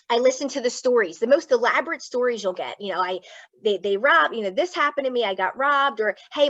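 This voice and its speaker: A woman's voice: a little high, a bit bright, dry recording. A woman from Philadelphia, a clinical psychologist speaking as a guest, telling personal stories bluntly and swearing freely over a video call. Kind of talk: candid personal storytelling to an audience. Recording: dull, dry lo-fi sound.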